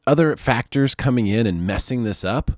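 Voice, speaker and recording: A man, a mortgage loan officer giving casual market commentary in an animated, sarcastic way, repeating phrases for emphasis. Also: medium pitch, moderate pace, dry recording, clean studio sound.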